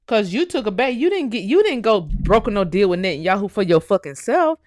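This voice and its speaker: A woman, from the United States, holding forth on her live show. She drives points home with profanity and repeated phrases, in a mid-pitched voice recorded dry and close. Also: very animated, fairly quick, a little mellow, no room sound. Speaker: host. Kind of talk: heated live-stream rant.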